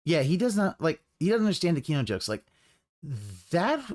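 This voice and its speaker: A streamer reacting live to a video, with a voice that swings widely up and down. The talk is sarcastic and profane, full of half-started sentences and quick restarts. Picked up on a desk mic. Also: medium pitch, sing-song, darkish tone. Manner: sarcastic, swears freely, trails off and restarts often. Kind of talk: casual reaction commentary.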